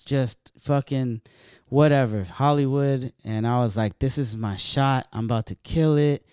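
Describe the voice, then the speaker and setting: A man's voice: medium pitch, a little slow, clear, resonant tone, dry recording, studio quality. A man from California, a stand-up comedian, telling loose, profane stories in casual chat. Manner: loose, profane, animated storytelling.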